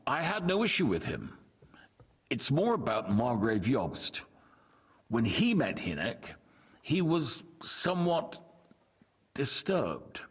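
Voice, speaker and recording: An actor playing a measured, diplomatic medieval nobleman who is loyal to his king, in video game voice acting. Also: medium pitch, wildly swooping pitch, husky, heavily acted. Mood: calm. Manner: diplomatic, composed.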